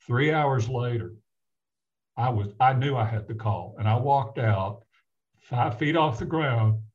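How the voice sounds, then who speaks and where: An older man from the American South recalls his past with earnest, halting delivery, often circling back and restarting mid-sentence. His voice sits at a middle pitch. The recording sounds dull and lo-fi. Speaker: guest, physician. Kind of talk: reflective personal storytelling in conversation. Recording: dull lo-fi audio.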